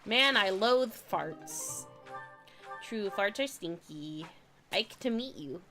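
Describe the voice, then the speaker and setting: A woman's voice: medium pitch, expressive, slow, pushed and bright, faint music behind. A young woman from California chatting casually on a game stream, a bit stuffy from a recent cold, giggly and rambling. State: slightly stuffy, recovering from a cold. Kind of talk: casual gaming stream chat.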